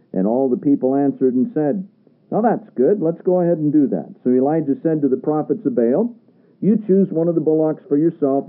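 A man preaching a sermon, reading scripture aloud and pressing his listeners with emphatic rhetorical questions. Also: fairly high pitch. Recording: tinny radio broadcast sound.

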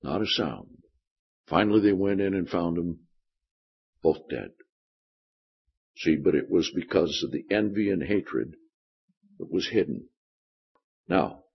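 A man's voice: lowish voice, breathy edge, lo-fi sound. A man preaching a sermon, often turning to the congregation with questions. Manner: keeps asking the congregation questions.

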